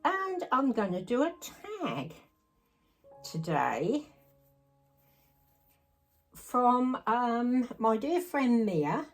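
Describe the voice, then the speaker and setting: A woman's voice: on the high side, very animated, extremely slow, long pauses, soft background music, poor audio. A woman vlogging at home as a doll collector, talking to camera in a chatty, fussing, motherly way. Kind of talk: casual chat to camera. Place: home room.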